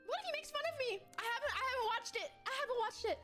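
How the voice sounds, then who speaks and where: A woman's voice: very high voice, animated, rapid-fire, music in the background. A woman streamer, flustered and nervous, gushing and repeating herself in a clip played on stream. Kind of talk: excited live stream chat.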